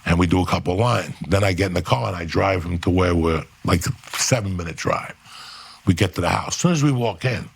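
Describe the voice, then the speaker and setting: Gravelly deep-voiced man telling a wild story. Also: a little fast. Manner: animated, swearing, acts out other people's lines. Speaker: guest storyteller. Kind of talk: profane anecdote telling.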